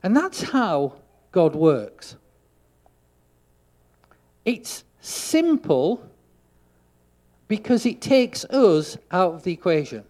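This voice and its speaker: Preacher guy, pretty high voice, tells stories and acts out the bits, gets loud to make a point. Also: sing-song, very slow, long pauses. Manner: storytelling, acts out dialogue, rises loud for emphasis. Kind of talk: sermon.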